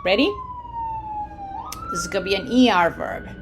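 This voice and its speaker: A woman teaching a Spanish verb lesson, modeling each word slowly and stressing the syllables. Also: extremely high pitch, huge pitch swings, background noise. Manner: slow, deliberate modeling of words, stressing syllables. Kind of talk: language lesson with drills.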